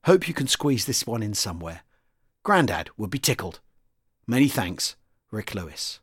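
A man hosting a podcast, reading a listener's story and sign-off in a lively, expressive way. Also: lowish voice, normal speed, husky, no room sound, studio quality. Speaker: podcast host.

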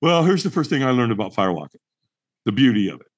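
Animated middle-aged man telling a story. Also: mid-range voice, fast. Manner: animated, acts out dialogue, emphatic repetition. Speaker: podcast guest. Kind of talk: storytelling in conversation.

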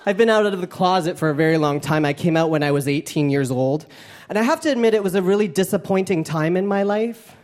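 A man's voice: high-pitched, fast, darkish tone. A young man doing a stand-up comedy set on stage, campy, playful and self-mocking. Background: audience laughter.

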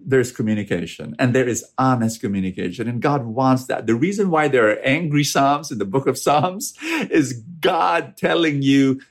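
A man answers audience questions about faith in an earnest, conversational way. He leans hard on key points and often repeats words as he builds up. His voice sits at an ordinary middle pitch. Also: slightly rough. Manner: earnest, emphatic, repeats words when stressing.

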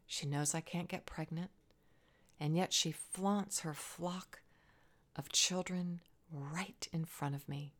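A woman voicing a grieving, childless young wife who prays in a hushed, pained whisper. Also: sits low, slightly rough, full character voice.

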